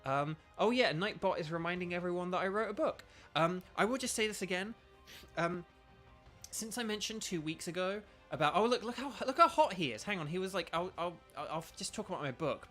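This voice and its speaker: A young British man streams a video game and chats casually, rambling with plenty of ums and restarts. His voice is a little high and a bit bright.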